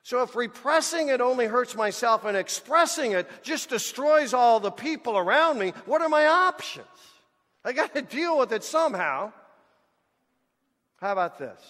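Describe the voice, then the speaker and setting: A man preaching a sermon as pastor, animated and speaking to the congregation as folks. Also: extremely high pitch, moderate pace. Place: church sanctuary. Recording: church hall with long reverb.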